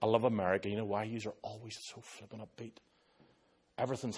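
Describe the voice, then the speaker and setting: A man with an Irish accent, a pastor preaching a sermon and telling stories in an animated way, slipping into other people's voices. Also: on the low side, fast talker, slight background noise. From Ireland.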